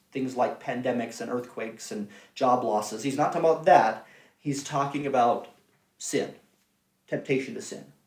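Earnest male preacher in echoey room. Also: medium pitch. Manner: earnest, swings from raised emphasis to hushed pleading. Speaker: pastor. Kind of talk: sermon. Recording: echoey room, mic at a distance.

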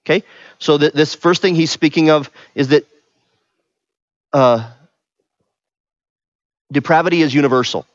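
A middle-aged man in a slightly high register teaching a sermon, who keeps checking in with his listeners through quick questions. The sound is dry and a little dull, like a lo-fi recording. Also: no echo. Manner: conversational, asks the room questions, frequent "right?". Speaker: pastor.

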